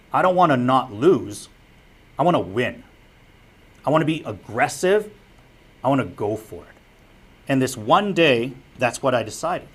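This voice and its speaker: An earnest man lecturing on broadcasting, direct and plain-spoken, voice at an ordinary middle pitch. He drives his points home by repeating the advice. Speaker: broadcasting instructor and former sportscaster. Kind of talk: public lecture.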